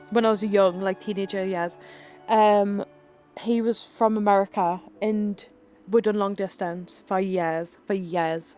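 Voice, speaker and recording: A woman in her twenties with a Geordie accent, chatting casually as a livestreamer and reading viewer messages aloud with lots of "like" and giggles. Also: mid-range voice. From North East England. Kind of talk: casual chat while reading live chat.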